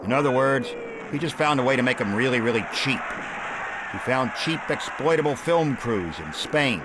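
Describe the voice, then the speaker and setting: A man narrating a satirical film history in a sardonic, deadpan way. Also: mid-range voice, moderate pace, background noise. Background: film score music.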